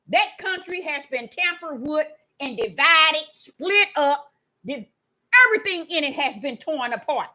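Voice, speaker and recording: A woman preaching in a fervent, rambling monologue that swings from hushed asides to shouting, with stammered restarts. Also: high-pitched. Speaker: self-styled prophetess.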